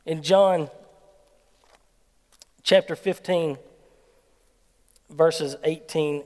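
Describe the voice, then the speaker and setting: A man with a Southern American accent preaching a sermon as an animated storyteller. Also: high-pitched, moderate pace. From Mississippi, US South. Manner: animated storyteller who acts out quoted people. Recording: long hall reverb.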